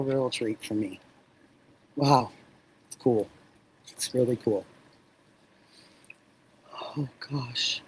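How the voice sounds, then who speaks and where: A middle-aged woman hosting a livestream, chatting warmly with viewers, effusive and laughing often. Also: low-pitched, breathy edge, poor audio. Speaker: livestream host. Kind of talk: casual chat with live viewers.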